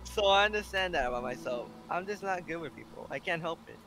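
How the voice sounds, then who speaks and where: A man's voice: on the high side, lively intonation, fast talker, music in the background. Man reading as shy, awkward bookish girl. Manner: hesitant, self-critical reading. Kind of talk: reading a visual novel aloud.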